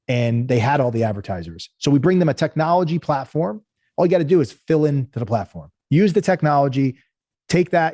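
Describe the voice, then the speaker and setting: Fast-talking man telling animated business stories. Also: medium pitch, dry recording. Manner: animated, acts out quoted people in raised voices. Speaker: guest, company founder. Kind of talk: casual interview storytelling.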